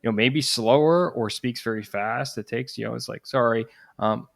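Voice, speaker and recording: A man's voice: medium pitch, moderate pace, creaky. A man hosting a podcast, talking casually in an interview conversation with many loose fillers. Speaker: podcast host.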